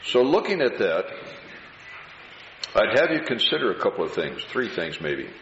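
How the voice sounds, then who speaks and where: A man preaching a sermon slowly and deliberately, drawing out words for emphasis. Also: on the low side, sing-song, fairly bright tone. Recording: roomy, dull hall recording with faint hiss.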